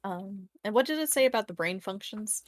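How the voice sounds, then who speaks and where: A woman's voice: mid-range voice, animated, a little fast, crowd noise. A woman playing in a tabletop game, thinking aloud with some hesitation. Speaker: player. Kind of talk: casual chat in a tabletop game.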